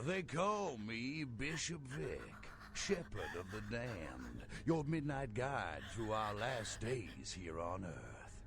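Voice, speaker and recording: Southern vampire cult preacher, video game villain, sick, coughing, slow drawling sermon, wildly swooping pitch. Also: male voice, big pitch swings. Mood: preaching. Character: diseased fanatical male cult bishop, vampire villain.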